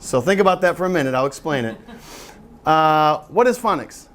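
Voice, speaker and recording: A middle-aged man with a high-pitched voice leads a live workshop, cracking jokes and coaxing the audience to join in. A faint hiss of background noise sits under his talk. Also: expressive, normal speed, a bit bright. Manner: chatty, joking, audience-engaging. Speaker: author and teacher giving a seminar. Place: lecture room with an audience.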